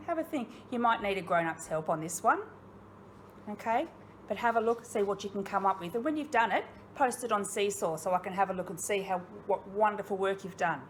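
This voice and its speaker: معلمة أسترالية تتحدث بحيوية مع الأطفال. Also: female voice, mid-range voice, a little hiss or hum. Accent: Australian. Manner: expressive, questioning, encouraging, speaks directly to pupils. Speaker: primary school teacher. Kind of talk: recorded online lesson for young children.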